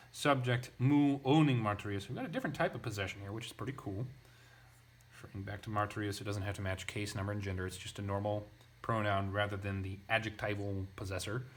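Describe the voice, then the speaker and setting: A man's voice: on the low side, fairly bright tone. A young man teaching ancient Greek grammar in a casual lesson, thinking aloud with asides and restarts.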